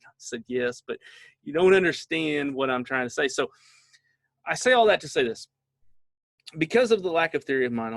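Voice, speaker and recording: A man's voice: mid-range voice, a bit bright, no echo. Middle-aged man, parent trainer, conversational storytelling, dry close sound. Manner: conversational, storytelling with filler words. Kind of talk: casual training talk with anecdotes.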